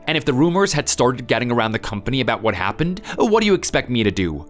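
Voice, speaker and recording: A man's voice: mid-range voice, big pitch swings, quick pace, fairly bright tone, soft background music. A man playing an exasperated young husband. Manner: defensive, exasperated. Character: weary husband who had an affair. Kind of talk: dramatized text story.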